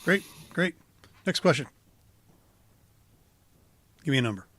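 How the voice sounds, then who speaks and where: A man interviewing a coach in a casual sports show, asking brisk, upbeat questions. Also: fairly high pitch, expressive, fairly bright tone, no room sound.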